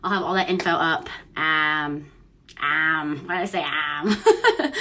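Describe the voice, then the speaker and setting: This young vlog host, who covers news and cocktails, giggles and chats casually as she makes a drink at home, often trailing off with fillers. Her deep voice is unhurried, pushed and bright, with fairly even intonation, and there's a little hiss or hum.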